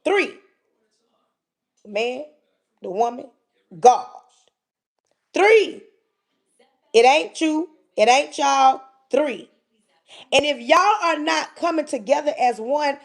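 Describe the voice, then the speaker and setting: High-pitched woman going live, preaching hard at her viewers, repeating herself for emphasis. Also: lively intonation, slow, long pauses. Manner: emphatic, repetitive, calls out to listeners directly. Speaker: livestream host. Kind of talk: preachy motivational talk.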